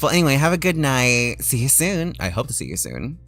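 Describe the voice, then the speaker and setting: Lively, teasing streamer chatting while drawing. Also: medium pitch, moderate pace, no room sound, soft background music. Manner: playful, teasing, laughs often. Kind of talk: casual livestream chat while drawing.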